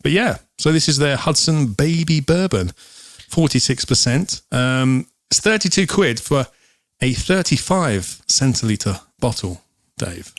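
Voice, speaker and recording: A man's voice: mid-range voice, animated, measured pace, no echo, clean studio sound. A man co-hosting a whisky show, chatting casually and explaining with lots of ums. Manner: rambling, explaining with many ums. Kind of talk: casual chat.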